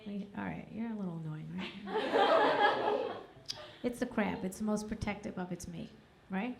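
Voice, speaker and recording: A middle-aged woman, very animated yet unhurried, does a crude, self-mocking comedy set into a handheld mic at a club. Her mid-range voice is creaky, and the live recording carries audience laughter and a little hiss or hum.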